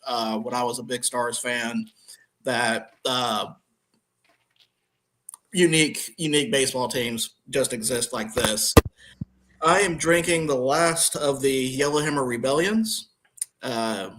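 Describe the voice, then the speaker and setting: A man's voice: medium pitch, a bit bright. A man who produces the show, chatting in an upbeat, rambling way. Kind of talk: casual sports chat.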